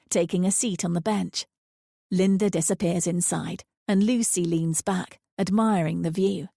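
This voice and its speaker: Gravelly woman reading a thriller. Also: medium pitch, warm tone, dry recording, studio quality. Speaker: audiobook narrator. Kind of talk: scripted thriller narration.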